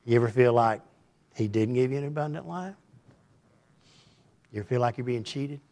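A man's voice: medium pitch, normal speed, a little mellow. A middle-aged man preaching a conversational sermon in a folksy, rambling way, often putting questions to his listeners.

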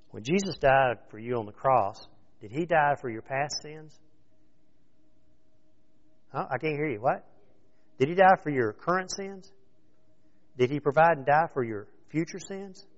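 A man preaching in a loose, conversational way, animated and prodding his listeners with questions. His voice sits in a middling range, and the recording is dull and lo-fi. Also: medium pitch. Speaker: pastor. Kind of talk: sermon.

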